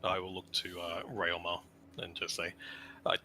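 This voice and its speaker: A male player giving earnest in-character speeches at a tabletop game, in a very deep, flat voice. The tone is very bright and sharp, with faint noise behind him. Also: normal speed.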